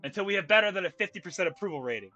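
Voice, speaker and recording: A man's voice: high-pitched, lively intonation, very fast, bright, forceful tone, highs cut off, soft background music. A man streaming a video game, venting his frustration and cursing casually as he plays. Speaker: gaming streamer. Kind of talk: casual gameplay commentary.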